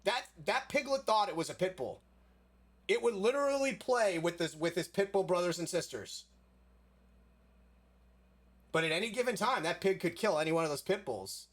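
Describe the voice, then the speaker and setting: Young guy from south florida just rambling through a story, tons of "like", slightly higher voice. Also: expressive, moderate pace, pauses often, a bit bright. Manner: rambling, heavy on filler "like", swears casually. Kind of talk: casual storytelling chat.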